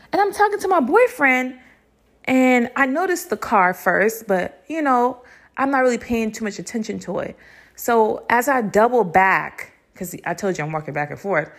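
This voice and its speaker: A young woman hosts a podcast, telling a story casually and animatedly, cursing freely and laughing between lines, her voice on the high side.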